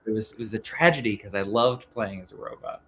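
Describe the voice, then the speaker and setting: A man's voice: fairly low pitch, fast talker, fairly bright tone, a little hiss or hum. A man being interviewed as a comic book writer, talking casually and hesitantly with many ums and restarts.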